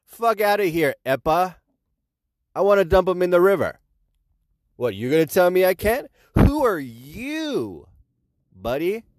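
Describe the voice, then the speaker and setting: A brash, defiant Midwest farmer who swears his way through every gripe, put on by a man. The voice sits high and bouncy over a plain, dry sound. It comes across as a swaggering comedy caricature. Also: sing-song, unhurried, long pauses, darkish tone, no room sound. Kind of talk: comedic impression.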